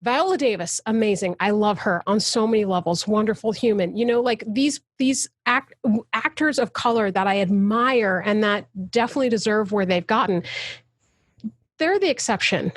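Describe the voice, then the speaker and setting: A woman's voice: mid-range voice, normal speed, no room sound. A woman, a guest actor, talking passionately and emphatically in a casual interview over a video call. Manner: passionate, emphatic, soapbox ranting.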